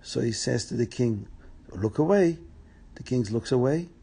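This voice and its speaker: A man telling a folk tale aloud, plain and repetitive, pausing to explain words to his listeners. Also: mid-range voice, gravelly, warm tone, breathy edge. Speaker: storyteller. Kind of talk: oral folk tale storytelling.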